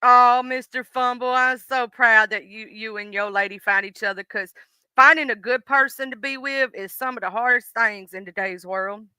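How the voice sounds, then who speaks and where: A woman's voice: fairly high pitch, fairly even intonation, normal speed, sharp tone, clean tone, no room sound. A woman with a Southern US accent hosting a live stream, chatting in a folksy way and answering her viewers by name. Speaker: livestream host. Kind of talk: casual chat reading viewer comments.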